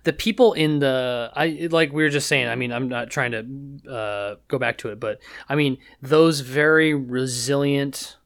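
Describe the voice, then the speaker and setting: A man's voice: mid-range voice, steady tone, measured pace, creaky, hardly any pauses, fairly bright tone. A man chatting as a podcast guest, rambling and emphatic, with lots of fillers and restarts. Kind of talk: casual chat.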